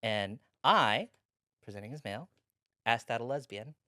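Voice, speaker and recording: Deadpan woman telling comedy anecdotes. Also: rumbling low, moderate pace, dry recording, studio quality. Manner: deadpan jokes, rambling anecdotes. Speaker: guest comedian. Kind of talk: casual comedic storytelling.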